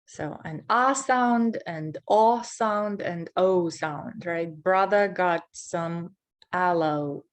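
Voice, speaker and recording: Slow, careful woman teaching pronunciation. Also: fairly low pitch. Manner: slow, deliberate, repeats words to model sounds. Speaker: English teacher. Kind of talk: pronunciation lesson.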